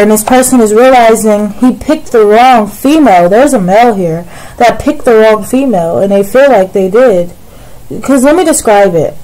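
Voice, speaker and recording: A woman's voice: fairly high pitch, darkish tone, poor audio. Rambling woman giving a tarot reading. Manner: rambling, repeats "like" and "it's like", addresses viewer directly. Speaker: tarot reader. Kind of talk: casual tarot reading to camera.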